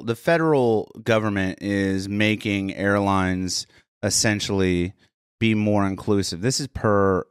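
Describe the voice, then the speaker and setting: A man's voice: on the low side, clean tone, no room sound, studio quality. Laid-back man reading news on a podcast. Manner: laughs often, swears, breaks into a joking accent. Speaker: podcast co-host. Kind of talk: casual podcast chat, reading news aloud.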